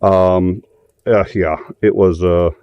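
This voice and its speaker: Low-voiced rambling male show host. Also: fairly even intonation, takes it slowly, clear, resonant tone, dry recording, lo-fi sound. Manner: rambling, profane storytelling with frequent fillers. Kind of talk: casual live-show chat.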